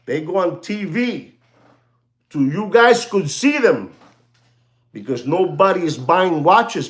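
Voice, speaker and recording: Animated, sarcastic man. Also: sits high. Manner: sarcastic, repetitive, switches into Spanish. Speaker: watchmaker and show host. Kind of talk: ranting monologue.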